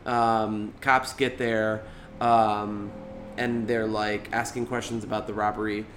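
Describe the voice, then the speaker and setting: A man's voice: fairly low pitch, flat delivery, slow pace, fairly bright tone, a little hiss or hum. A man co-hosting a podcast, casually recapping a movie with lots of fillers and restarts. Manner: rambling, many fillers, acts out quotes. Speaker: podcast co-host.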